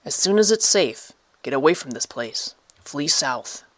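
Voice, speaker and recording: A narrator voicing a gentle, battle-weary wooden puppet soldier who speaks in a light, raspy voice, slow and soft to children. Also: medium pitch, very animated, no echo. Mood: grave.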